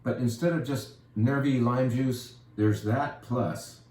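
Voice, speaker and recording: A man speaks slowly in a mid-range, steady, darkish voice while hosting a casual wine presentation for his wine shop. He's chatty and playful, with self-deprecating asides, in an echoey room with faint ambience.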